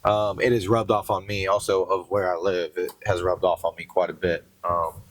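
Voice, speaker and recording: A man's voice: low-pitched, flat delivery, moderate pace, a little hiss or hum. A young man with a partial rural American accent, chatting casually in a fitness vlog on the way to the gym, rambling and joking with lots of fillers. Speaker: fitness vlogger. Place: in a car on the road.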